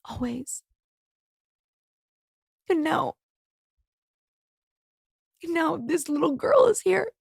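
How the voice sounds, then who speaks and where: High, heavily gravelly woman in her thirties. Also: very animated, drawn-out words, pauses often, no room sound, studio quality. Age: 30s. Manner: heartfelt and emotional, swears casually. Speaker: podcast host. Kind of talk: personal podcast monologue.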